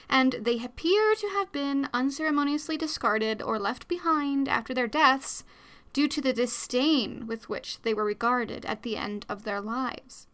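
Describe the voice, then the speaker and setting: A woman's voice: fairly high pitch, a bit bright, clear, resonant tone. A young woman hosting her own podcast, chatting casually and rambling with lots of fillers and little laughs, into a new studio microphone. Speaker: podcast host. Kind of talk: casual solo podcast chat.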